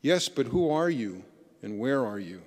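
A man voicing a desperate man hanging from a cliff branch, calling out in a raised, higher pleading voice, with long church reverb. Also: big pitch swings, a little slow, a little mellow.

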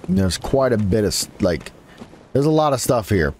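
A male YouTuber speaks in a sing-song way at a moderate pace, his tone darkish, as he commentates his gameplay and mocks enemies. His voice shoots up when he's frustrated, over game audio and a little hiss or hum.

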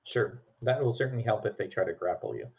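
GM type, male, deep and husky, loose halting narration, dull lo-fi call audio. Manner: relaxed, hesitant, many ums and likes. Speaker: game master. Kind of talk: narrating a tabletop game.

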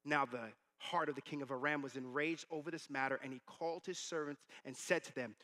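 A man's voice: on the high side, brisk, few pauses. A man in his thirties preaching a sermon as pastor, telling stories and acting out the quoted voices. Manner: animated storytelling, acting out quotes.

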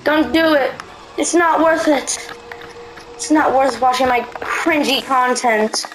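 A young woman giving playful, excitable gameplay commentary, bouncing between silly voices and deadpan asides. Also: high voice, slow, over music, poor audio. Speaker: gaming video creator.

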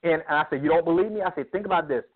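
A man's voice: fairly high pitch, racing. A man being interviewed about men's ministry who speaks in an emphatic, preacherly way, acting out dialogue as he tells stories. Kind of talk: animated interview storytelling. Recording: tinny phone line.

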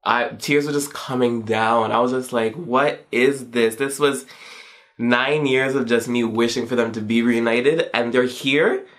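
A young man in his twenties giving a casual video game review. He gushes and often leaps up in pitch when he acts out his own reactions, peppering his talk with casual slang. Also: unhurried. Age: 20s. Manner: excitable and gushing, with pitch leaps on quoted reactions.

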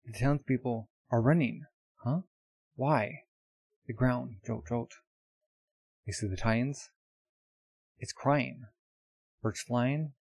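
A man's voice: medium pitch, takes it slowly, gravelly, pauses often, darkish tone, husky, dry recording. Man narrating manga panels live. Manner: describes panels in short bursts with gasps. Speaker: manga reaction streamer.

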